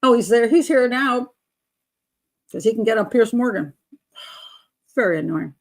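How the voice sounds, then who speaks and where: Blunt, gravelly-voiced older woman host. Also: a little high, expressive, a little slow. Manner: blunt, opinionated, laughs often, restarts sentences. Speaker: host of a live profiling chat show. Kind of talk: casual live chat reading viewer comments.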